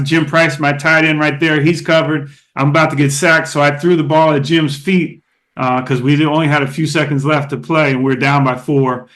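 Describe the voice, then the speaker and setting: A middle-aged man from Oakland, a former ballplayer, telling stories as a podcast guest in a lively, casual way with many fillers and restarts. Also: a little high. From Oakland, California. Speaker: guest, former baseball catcher. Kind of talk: casual storytelling interview.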